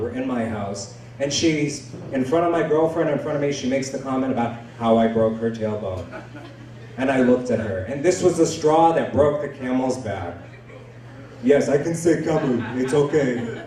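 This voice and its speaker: A young man doing a stand-up comedy set on a club stage, telling crude stories in a lively way. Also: mid-range voice. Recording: echoey room from far off.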